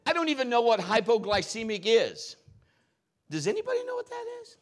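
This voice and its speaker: A middle-aged man preaching a sermon as pastor, telling personal stories in an animated, joking way. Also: very high-pitched, a little fast.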